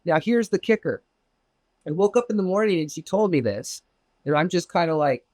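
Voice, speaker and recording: A man from Southern California spins a personal story for an interviewer, loose and profane, leaping up in pitch whenever he acts out what someone said. His voice sits a little high, and the recording is dry and close with no room sound. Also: normal speed, dry recording. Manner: animated, profane, acts out quoted exchanges with big pitch jumps. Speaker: interview guest recounting a UFO experience. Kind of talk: casual storytelling.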